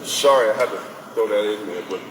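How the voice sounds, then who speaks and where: Animated man talking in an echoey hall. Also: lowish voice, brisk. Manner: animated and conversational, acts out parents and coaches. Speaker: basketball recruiting advisor speaking to parents. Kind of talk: informal talk to an audience with questions. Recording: echoey hall from far off, faint noise.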